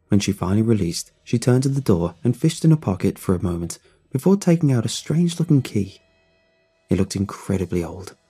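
A man tells a first-person horror story with a dark, husky voice pitched somewhat low. His delivery is steady and dramatic, and faint music runs underneath. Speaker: narrator.

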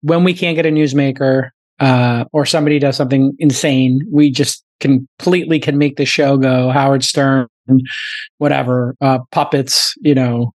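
A man hosting a podcast, riffing quickly in casual chat at a studio mic. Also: medium pitch, steady tone, a little mellow, no room sound. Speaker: podcast host.

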